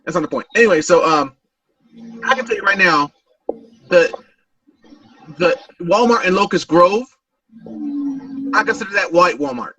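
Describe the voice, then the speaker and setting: A man with a bright, forceful voice chats casually on a group podcast, stumbling and repeating words as he tells his story. He sits away from the mic in a dry, dead-sounding room. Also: sits high, lively intonation, moderate pace, long pauses, no echo. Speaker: podcast panelist. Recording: voice distant from mic.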